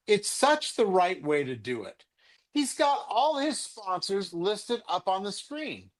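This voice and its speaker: Older man, rambling profane rant, high voice, swings up and down a lot, video call. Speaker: sports card collector guest. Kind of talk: heated livestream rant. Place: home, remote video call.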